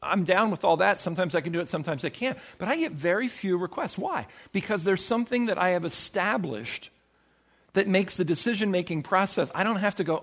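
Man, pastor, sermon, emphatic, acts out quotes, high-ish voice. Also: animated, brisk, a bit bright. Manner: emphatic preaching with acted-out quotes and sudden shifts in pitch.

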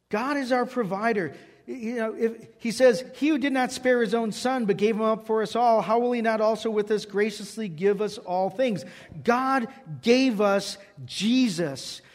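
High-voiced preacher in a reverberant hall. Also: male voice. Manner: animated storyteller acting out dialogue. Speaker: pastor. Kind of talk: sermon with storytelling.

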